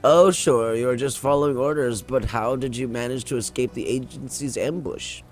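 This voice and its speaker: A man's voice: medium pitch, moderate pace, soft background music, natural voice. A man reading out the lines of a wary, puzzled male prepper who used to be an engineer.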